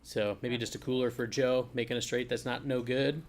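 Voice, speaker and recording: A man's voice: medium pitch, fairly even intonation, brisk, a little hiss or hum. A man co-commentating a live poker stream, agreeing with his partner and adding dry quips.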